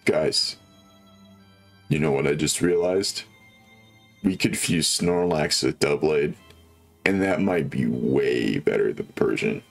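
A man's voice: extremely low pitch, slow, gravelly, long pauses, faint music behind. A young man hosting a video game let's play, chatting casually and upbeat with viewers, full of fillers. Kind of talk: casual gameplay commentary.

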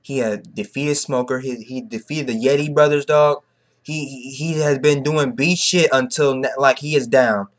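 A young man giving a casual, slang-heavy chapter recap, excitable and repetitive. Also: mid-range voice, normal speed. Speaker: manga reviewer.

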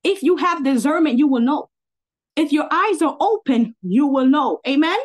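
A woman's voice: high voice, animated, normal speed. A woman preacher delivering an informal livestream sermon, emphatic and fiery, repeating key lines and checking in with her listeners for agreement. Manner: fiery and indignant, with bursts of laughter.

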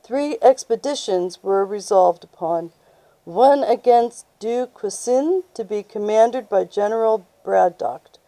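A woman reading aloud from a history book in a plain, unhurried way as the host of her channel. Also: mid-range voice, dark tone, dry recording, poor audio. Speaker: reader of books aloud.

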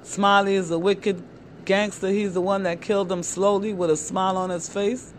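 Her audience is young men, and this middle-aged channel host addresses them directly on camera in an earnest, motivational style, repeating her points and calling them "guys." She speaks at normal speed in a medium-pitched, level voice, with slight background noise.

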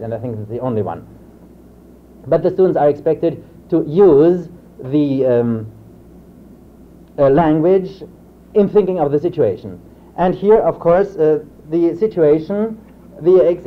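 Guy professor giving a lecture, slightly high voice, lots of uh's and restarts, old tinny reel tape. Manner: hesitant, with frequent "uh" fillers and restarts; reads example drill sentences aloud in a raised voice. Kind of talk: academic lecture. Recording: tinny lo-fi 1960s reel-to-reel tape with faint hiss.

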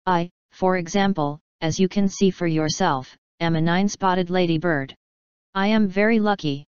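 A woman's voice: on the low side, normal speed, clear, resonant tone, no echo, lightly acted. A woman voicing a modest, genteel female ladybird who speaks politely and a little primly. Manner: polite, prim and refined. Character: genteel, modest female ladybird, proud of her nine spots. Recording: slightly dull, dry recording.

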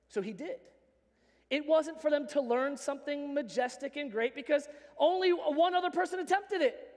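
A man preaches a lively, humorous sermon. His voice sits very high for a man and carries a long church-hall reverb behind it. He talks to the congregation like a friend. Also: moderate pace. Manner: animated, joking, conversational preaching. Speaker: pastor. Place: church sanctuary.

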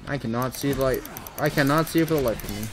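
A man giving casual let's-play commentary on his own gameplay, muttering asides and breaking into excited yelps. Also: mid-range voice, fast talker, soft background music. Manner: running commentary that swings from mumbling to excited yelps. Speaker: gaming video host.

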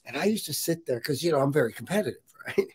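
A middle-aged man chats casually as a podcast host. His voice sits fairly high for a man, and he tells his story with plenty of energy and a lot of "dude.". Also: fast, breathy edge. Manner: animated storytelling, says "dude" often. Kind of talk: casual interview chat.

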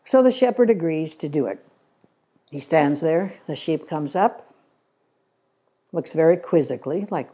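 A woman's voice: low-pitched, animated, unhurried, long pauses, mellow, slightly rough. A middle-aged woman giving a church talk, telling stories earnestly and acting out the quotes. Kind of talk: storytelling sermon.

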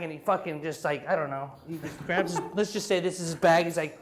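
A man guesting on a talk show tells his story with animated energy and a lot of laughter. His voice sits a bit higher than most men's. He swears freely and talks casually. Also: brisk, hardly any pauses.

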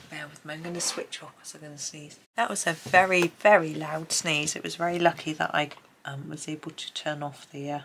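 Low, gravelly-voiced British woman, murmuring. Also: a little hiss or hum. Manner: soft-spoken, rambling, drifts into murmurs. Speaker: colouring channel host. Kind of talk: casual chat while colouring.

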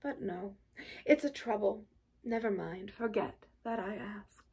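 A woman voicing a sly male toad who plays at being gravely ill, speaking faintly and with drooping sighs. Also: sits high, lively intonation, unhurried, fairly bright tone, pitched above the performer's own voice. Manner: faint, drooping, sighing delivery. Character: feeble self-pitying male toad, sly and languid.

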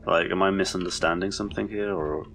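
A man's voice: low-pitched, steady tone, quick pace, gravelly, fairly bright tone. A man giving rambling, confused, sweary commentary as he plays a horror game. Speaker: let's play host. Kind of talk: gameplay commentary.

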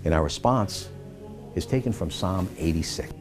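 A man reading scripture aloud, expressive, rising and falling as he voices the quoted speakers. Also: low-pitched, normal speed, soft background music. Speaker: scripture reader.

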